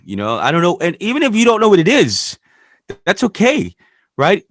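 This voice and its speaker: A man's voice: mid-range voice, very animated, brisk, a bit bright, dry recording, clean studio sound. A man hosting a podcast, talking candidly in a rambling, casual way and swearing freely. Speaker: podcast host.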